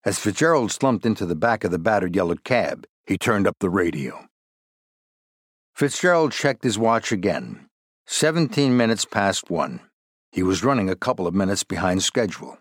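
A man reading a thriller novel aloud in a measured, even storytelling manner. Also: low voice, dry recording, studio quality. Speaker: audiobook narrator. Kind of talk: scripted narration.

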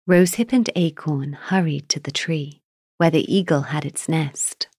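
A woman narrating a children's fairy tale in a measured, gentle reading style. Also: low voice, breathy edge, no room sound, studio quality. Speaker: storyteller. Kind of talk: storybook narration.

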